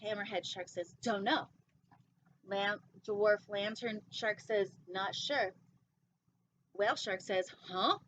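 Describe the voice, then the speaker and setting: A woman's voice: mid-range voice, slow, pauses often, fairly bright tone. A young woman hosting storytime, reading a children's picture book aloud with playful, chatty asides. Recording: dull lo-fi sound with faint noise.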